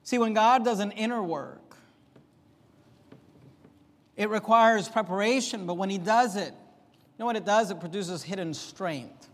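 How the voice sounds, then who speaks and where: High-voiced emphatic preacher in a reverberant hall. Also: male voice, unhurried, pauses often, fairly bright tone. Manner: emphatic, rising and dropping sharply for effect. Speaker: pastor. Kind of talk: sermon.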